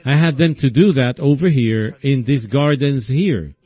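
A man preaching a sermon in a slow, folksy storytelling way, often asking his listeners "see?". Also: mid-range voice, breathy edge, dry recording, soft background music. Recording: dull lo-fi recording.

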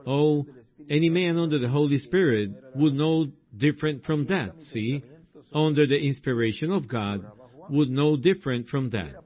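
A man preaching a sermon in a slow, drawn-out way, breaking into exclamations. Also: on the high side. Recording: dull lo-fi recording.

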